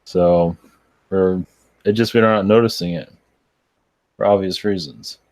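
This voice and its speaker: Low-voiced, tired, halting man channeling. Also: steady tone, a little mellow, no echo. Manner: rambling, halting, with many restarts and fillers. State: tired, yawning. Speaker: spiritual channeler. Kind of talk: live chat answering viewer questions.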